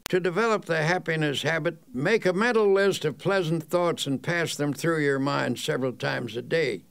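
A man reading a self-help audiobook in an earnest, deliberate way, stressing key words. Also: fairly high pitch, creaky, a bit bright. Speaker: audiobook narrator.

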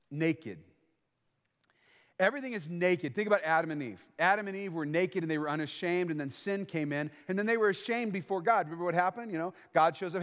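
A man preaching a sermon as pastor, emphatic and lively, acting out little bits of everyday small talk. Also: sits high, in a large hall.

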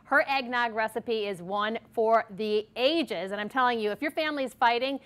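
A woman's voice: a little high, moderate pace, a bit bright. A woman from Arkansas hosting a TV cooking segment, chatty and jokey as she mixes a recipe on a studio kitchen set. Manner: bubbly, jokey, talks to camera while mixing.

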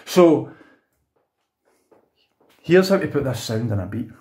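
A man's voice: medium pitch, big pitch swings, slow pace, darkish tone. Young Scottish man, beatbox teacher, loose chatty delivery full of restarts and asides. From Scotland. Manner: chatty, rambling, frequent self-corrections and "you know what I mean". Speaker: beatbox tutor. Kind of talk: casual video tutorial.

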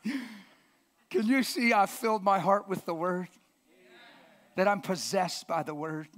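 Preacher guy, high voice, fired-up sermon, shouts then goes real quiet. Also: slow pace, slight background noise. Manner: impassioned, emphatic, sometimes shouting, sometimes near a whisper. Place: church.

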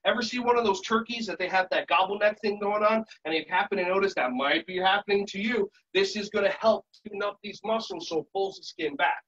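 A man leading a live group breathing and stretching warm-up, upbeat and jokey as he coaches the audience. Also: high-pitched, a little fast, few pauses, distant mic, highs cut off. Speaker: movement and relaxation instructor. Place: conference session room.

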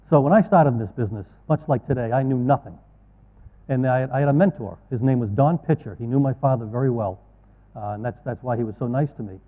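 A middle-aged man giving a talk to advisors, folksy and earnest, with asides. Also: medium pitch. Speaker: conference speaker. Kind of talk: keynote talk to financial advisors. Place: large conference hall. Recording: tinny, echoey hall audio.

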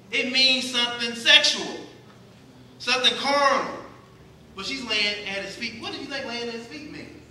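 Here a man with a very high, sharp-toned voice delivers a sermon, asking his congregation questions and then supplying the answers. It was recorded in a church sanctuary on a distant mic, so the hall echoes, and there's a little hiss or hum.

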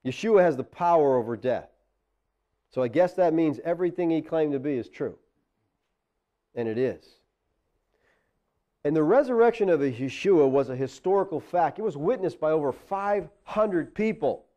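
A pastor delivering a sermon in a mellow, fairly high voice, talking to the congregation in a plain conversational way. He builds into emphatic exclamations at his key points. The recording is dull and lo-fi. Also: animated, moderate pace, pauses often.

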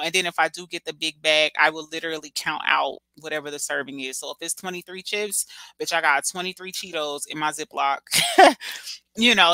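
Bright-voiced, chatty woman livestreamer. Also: low voice, creaky, no room sound. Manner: chatty and dramatic, lots of slang and laughter. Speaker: livestream host reading chat. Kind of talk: casual livestream chat.

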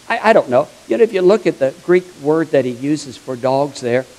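A man's voice: a little high, expressive, normal speed, darkish tone, low-quality recording. A man preaching a sermon as a pastor, telling stories in a chatty, humorous way. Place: church sanctuary.

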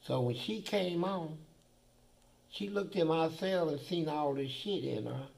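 A man's voice: a little high, measured pace, vocal fry, a little mellow. A man being interviewed who tells blunt, profane stories about prison life in a vivid, swearing manner. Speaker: interview guest.

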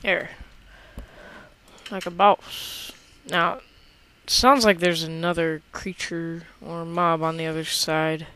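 A woman's voice: low-pitched, measured pace. A woman giving casual, chatty commentary as she plays a video game and talks to herself. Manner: relaxed, chatty, talks to herself while playing. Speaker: gameplay video host.

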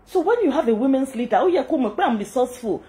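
A middle-aged Nigerian woman with a Yoruba-inflected accent speaks in a casual vlog, her voice pitched a little high. She talks with animated indignation, firing off rhetorical questions and breaking into frequent laughter. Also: rapid-fire. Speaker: channel host.

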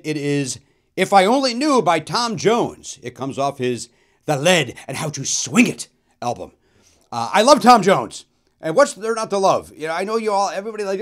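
His voice a little high and full of big pitch swings, a comedian and host in his fifties recounts a funny story with rapid asides and abrupt loud outbursts.

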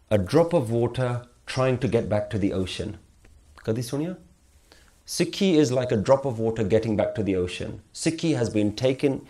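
Mellow-voiced man teaching a workshop. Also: mid-range voice. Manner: emphatic, asks the audience rhetorical questions. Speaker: workshop speaker. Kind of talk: spiritual workshop talk. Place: on stage before an audience.

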